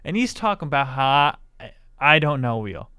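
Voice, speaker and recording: A male podcast host chats about racing in a smooth, clear voice, bantering and defending himself with a grin. The sound is dry and close, with no room around him. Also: medium pitch, big pitch swings, normal speed, sharp tone, no room sound. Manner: joking, mock-defensive banter. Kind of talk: casual racing podcast chat. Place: studio.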